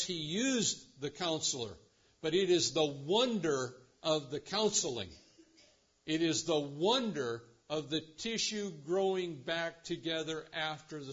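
A man's voice: on the high side, fairly bright tone, dull audio. A man preaching a sermon as pastor, building to impassioned, rising delivery.

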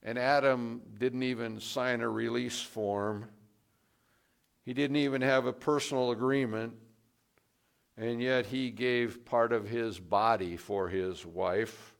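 A man preaching a sermon, slow and deliberate, pressing hard on key words for emphasis. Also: medium pitch, steady tone, vocal fry. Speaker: pastor.

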